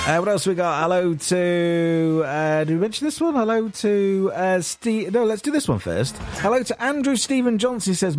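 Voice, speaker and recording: A man's voice: sits high, big pitch swings, moderate pace. A man hosting a radio podcast, chatting casually and reading out listener messages with frequent fillers. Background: music bed.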